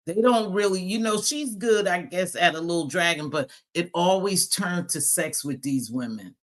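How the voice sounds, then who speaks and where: A woman's voice: lowish voice, normal speed. A woman hosting a casual live chat stream, speaking bluntly and profanely, laughing often and greeting viewers as she talks. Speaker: livestream host.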